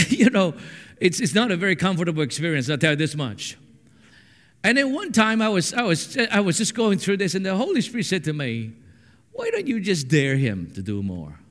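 A man preaching a sermon, telling stories with animated swings from hushed to shouting. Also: sits high, a little fast. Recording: echoey hall with long reverb.

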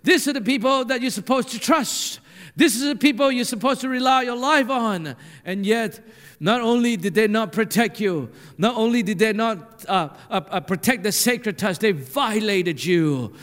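A man's voice: very high-pitched, normal speed, fairly bright tone. A man preaching a sermon in a church hall, earnest and emphatic, repeating his points for weight. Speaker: pastor. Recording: long hall reverb.

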